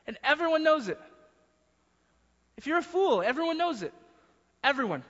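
Guy preaching a sermon, high bright voice, stumbles and repeats words a lot, echoey hall, kinda muffled. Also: very animated, normal speed. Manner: emphatic, repeats words, acts out quotes. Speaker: pastor.

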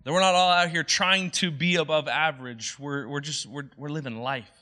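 Bright-voiced male pastor preaching. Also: a little high, steady tone, normal speed. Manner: earnest, conversational, acts out quoted voices. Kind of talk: sermon.

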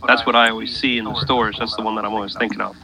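A man hosting a casual podcast, explaining each matchup in a relaxed way. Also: fairly low pitch, very fast, crowd noise, rough recording. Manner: explanatory, runs the segments. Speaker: podcast host. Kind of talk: casual chat.

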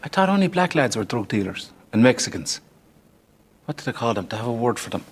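An actor with an Irish accent playing a crude, provocative Irish police sergeant in a film, talking in a blunt deadpan way. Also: male voice, mid-range voice, fairly quick, husky.

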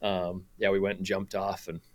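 A man's voice: sits low, little pitch movement, moderate pace. An American man, a podcast guest, telling a story casually, laughing often and restarting sentences.

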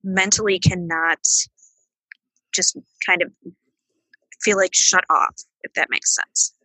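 Bright husky woman, casual chat, super enthusiastic, dry sound. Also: on the low side, fairly even intonation, takes it slowly, no echo, rough recording. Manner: enthusiastic, plain-spoken. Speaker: podcast guest.

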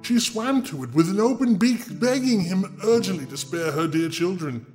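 A man's voice: sits high, animated, normal speed, darkish tone, faint music behind. A man reading a fairy tale aloud as host, breaking off for sardonic, mocking asides to the listener. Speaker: storyteller host.

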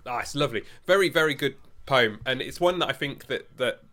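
A man co-hosting a podcast in casual chat, giggly and quick to laugh, and a bit unwell. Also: mid-range voice, lively intonation, pushed and bright. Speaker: podcast co-host.

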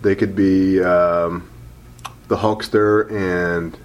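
A man's voice: deep voice, level tone, highs cut off. A man co-hosting a podcast, chatting and joking casually with many fillers and restarts. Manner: rambling, halting with many fillers. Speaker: podcast co-host.

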